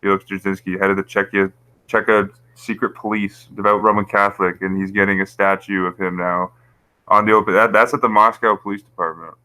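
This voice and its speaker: Talking a little fast on a rough, dry recording, this man's low-leaning voice is bright and forceful, with little pitch movement. He hosts a laid-back YouTube livestream, rambling about conspiracy theories while reading chat and frequently chuckling at his own points.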